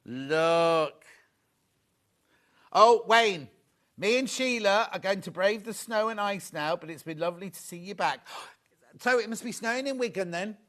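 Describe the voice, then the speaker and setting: A man's voice: sits high, expressive, measured pace, pauses often, fairly bright tone. A man presenting a live home shopping show in a TV studio, chatting and gushing over the products.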